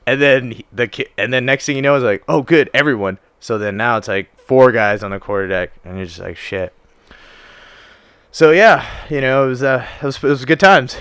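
A man's voice: mid-range voice, lively intonation, brisk, hardly any pauses, a bit bright, clean tone, no echo. A young man casually telling stories on a podcast, laid-back and full of swearing and fillers. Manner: profane, laid-back storytelling with lots of fillers. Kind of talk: casual chat.

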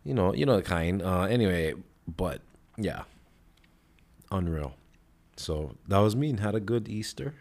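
A man's voice: low-pitched, expressive, measured pace, pauses often, a little mellow. A man hosting a podcast, telling stories in a rambling, laid-back way and swearing often. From Hawaii. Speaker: podcast host. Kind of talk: casual chat.

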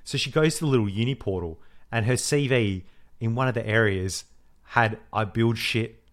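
A man, co-hosting a podcast and telling a story in casual chat, animated, swearing freely and acting out the voices he quotes. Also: mid-range voice, normal speed. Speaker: podcast co-host.

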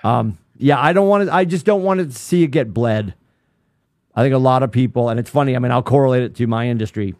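A middle-aged man co-hosting a podcast in casual chat, rambling and animated with lots of restarts. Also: mid-range voice, fast talker, dry recording, studio quality. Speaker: podcast co-host.

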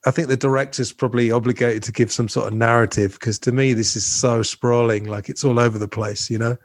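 A man's voice: mid-range voice, fairly even intonation, brisk, dry recording, clean studio sound. A man hosting a casual film discussion, talking loosely with many fillers and restarts. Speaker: podcast host.

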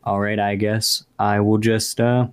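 A man's voice: on the low side, flat delivery, measured pace, smooth. A man playing in a tabletop role-playing game, laid-back and joking. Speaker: player. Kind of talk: casual tabletop role-play.

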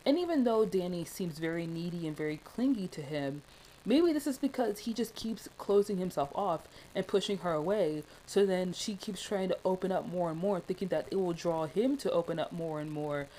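A woman's voice: on the low side, animated, normal speed, dark tone, slight background noise, rough recording. A young woman talking through a film in casual, passionate commentary, rambling with many fillers.

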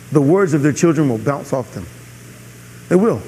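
A man preaches a sermon, pressing his points home by repeating them and checking in with the congregation. His voice sits high for a man. The sound carries the long echo of a large hall. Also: animated, brisk, a little mellow, slight background noise. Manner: emphatic, repeats key phrases, asks audience "are you with me". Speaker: pastor.

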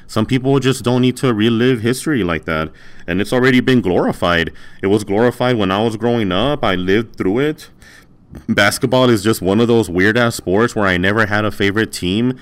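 Low-voiced man, cynical and defensive. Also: moderate pace, clear, resonant tone. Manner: defensive, cynical, swears casually. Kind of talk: casual argumentative chat.

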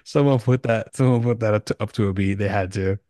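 A man's voice: lowish voice, fast, mellow, dry recording, studio quality. A man co-hosting a podcast, telling long rambling stories in casual slang full of swearing. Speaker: podcast host. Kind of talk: casual chat.

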